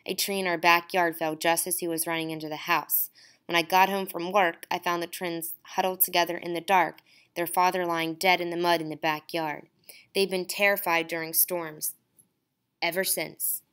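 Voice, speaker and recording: A woman reading the part of a worn-down mother of twins who talks in a quiet, weary, apologetic way. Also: lowish voice, flat delivery, normal speed, clean tone, close to an everyday voice. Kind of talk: audiobook dialogue.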